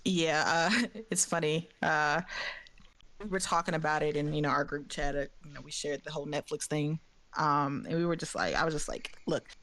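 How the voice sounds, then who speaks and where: A woman's voice: low voice, fairly even intonation, normal speed, fairly bright tone. A woman guest on a podcast in casual chat, laid-back and laughing often.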